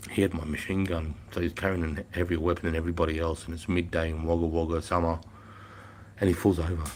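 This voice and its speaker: A man's voice: low-pitched, level tone, brisk. A man, chatting casually to viewers in a blunt, profane storytelling manner. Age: 50s. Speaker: livestreamer and former army instructor.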